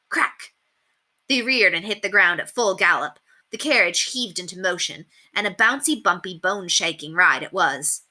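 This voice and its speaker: Lady teacher reading a chapter book to kids, super bright voice, animated. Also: fairly low pitch. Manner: expressive, animated storytelling.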